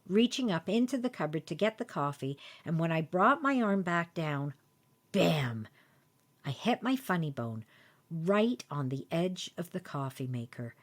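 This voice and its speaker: Woman podcaster, lowish voice, chatty story, laughs at herself. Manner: chatty, self-deprecating humor. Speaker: podcast host. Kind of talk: personal storytelling monologue.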